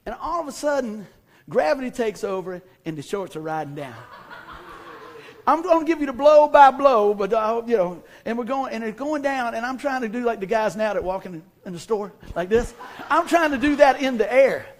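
A man's voice: very high-pitched, normal speed. A male pastor preaching to a congregation, telling a comic story he acts out and questioning the crowd, then reading scripture. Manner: animated storyteller, acts out scenes and asks the congregation. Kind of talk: sermon with a comic personal story. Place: church hall before a congregation.

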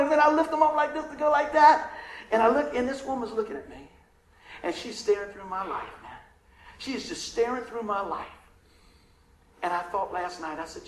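A preacher with a high, somewhat bright voice tells a folksy, heartfelt story from the pulpit, now and then asking the congregation for an amen. His emotional, conversational storytelling sermon has a Southern tinge and echoes through a roomy hall.

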